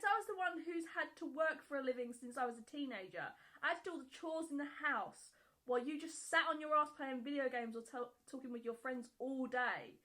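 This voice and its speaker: Bright-voiced woman reacting with blunt swearing. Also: high voice, low-quality recording. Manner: blunt, swears freely, breaks into laughter. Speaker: YouTube reaction creator. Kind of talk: reading aloud and reacting to a Reddit post.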